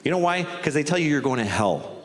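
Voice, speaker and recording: A man's voice: fairly high pitch, very animated, fast, roomy sound, long reverb tail. A man doing a stand-up set, mocking and putting on voices for the church. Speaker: stand-up comedian.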